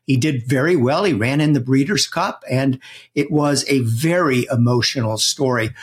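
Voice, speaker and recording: A man's voice: medium pitch, normal speed. A man hosting a podcast, giving conversational introductions and asking interview questions. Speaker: podcast host, correspondent.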